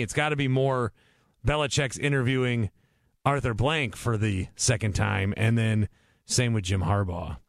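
A man hosting a call-in sports radio show, animated and quick to jump in on callers. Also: mid-range voice, vocal fry, no room sound, studio quality. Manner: animated, talks over callers.

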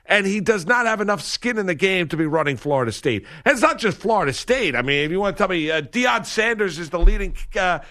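A man co-hosting a sports talk show, talking in an animated, opinionated way with lots of emphasis. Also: high-pitched, fast, few pauses. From grew up a Washington football fan.

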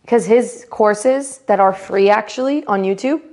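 A woman in relaxed podcast chat with a mid-pitched voice. She speaks frankly and teases her co-host. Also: measured pace. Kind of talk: casual chat.

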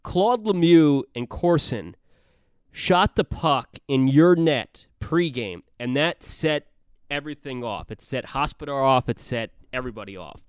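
A male sports host sets up his questions with long recaps of stats and dates. His voice is smooth and resonant at a middle pitch. The sound is dry and close. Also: lively intonation, a little slow, dry recording. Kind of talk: interview questions.

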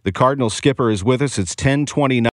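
A man's voice: medium pitch, quick pace, no room sound, clean studio sound. A man hosting a radio sports talk show, earnest and enthusiastic as he tells an anecdote.

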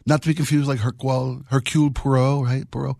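A man's voice: mid-range voice, level tone, fast, creaky, darkish tone, no room sound, studio quality. A middle-aged man hosting a radio show, chatting casually and enthusiastically, rambling about old television. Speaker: radio host. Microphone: studio microphone.

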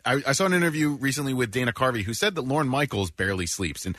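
A man co-hosts a radio interview, quick to laugh and lively as he asks questions. His pitch swings widely and his tone is bright. The studio mic is dry and close. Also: dry recording. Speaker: radio co-host.

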